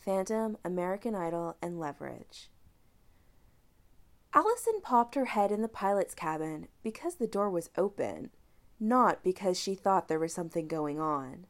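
A woman's voice: on the low side, big pitch swings, normal speed. A woman narrating a fan story aloud as a podfic reader, reading expressively.

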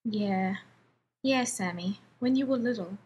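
A woman's voice: medium pitch, measured pace, darkish tone, breathy edge, dull audio. Woman doing a weary teen big brother, protective, tired, brotherly, story reading. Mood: gentle. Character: weary, protective older brother, a teenage boy.

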